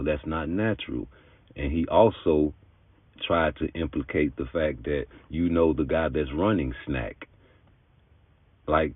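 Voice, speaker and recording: Deep, low man, emphatic boxing commentator, thin phone-line audio. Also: husky, dry recording. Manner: emphatic, argumentative, street-talking. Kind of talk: opinionated commentary monologue. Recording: tinny phone-like dry sound.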